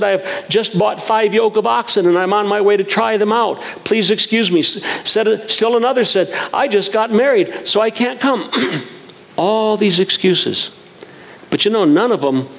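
A man's voice: high voice, gravelly. A man preaching a sermon, telling folksy stories with humor and reading scripture aloud.

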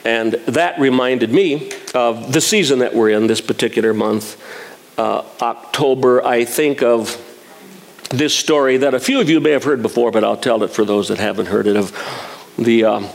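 A man's voice: medium pitch, normal speed, vocal fry. A man in his sixties preaching a sermon in a folksy, self-mocking way, chuckling at his own jokes.

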